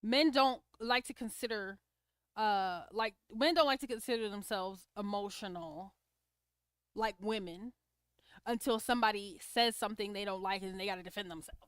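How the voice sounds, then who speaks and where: A woman's voice: mid-range voice, normal speed, clean tone, no echo, clean studio sound. A woman hosting a casual livestream, giving opinionated commentary on clips and reacting to viewer comments. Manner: opinionated, talks back to chat comments.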